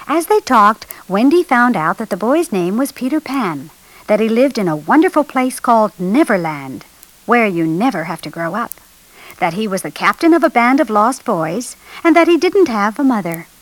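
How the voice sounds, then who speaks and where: Lively woman reading a children's storybook. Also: fairly high pitch, normal speed, dry recording, rough recording. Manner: lively expressive read-aloud, raising her voice for children's dialogue. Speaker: storybook narrator.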